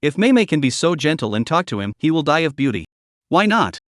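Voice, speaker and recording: Man narrating a comic recap, lively tone. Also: a little high, quick pace, no room sound, studio quality. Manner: even storytelling, reads all parts.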